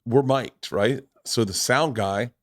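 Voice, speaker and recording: Slow and medium-pitched, a male podcast host in his forties tells stories about his family in casual talk, full of profanity and lively impressions of relatives. The recording is dry.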